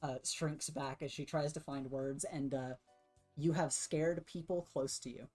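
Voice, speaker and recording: A woman's voice: low-pitched, fairly even intonation, measured pace, mellow, faint music behind. A woman narrating as game master, casual and full of fillers.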